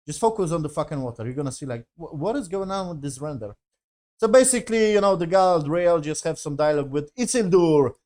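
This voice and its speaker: A man's voice: a little high, lively intonation, quick pace, a little mellow. A man giving a casual, rambling review of a TV episode, swearing often and sounding exasperated. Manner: profane, exasperated, rambling with many fillers. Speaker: TV show reviewer.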